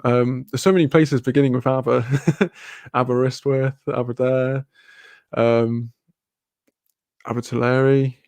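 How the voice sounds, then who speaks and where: A man from Wales with a Welsh accent, hosting a livestream and chatting casually through viewer comments, relaxed, laughing and swearing freely. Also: medium pitch, no room sound. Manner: laid-back, swears freely, laughs often. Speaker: livestream host.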